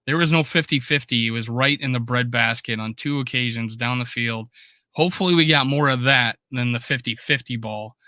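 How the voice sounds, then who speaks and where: A man co-hosting a podcast in casual sports chat, animated and swearing often. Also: medium pitch, a little fast, no room sound, studio quality. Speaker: podcast co-host.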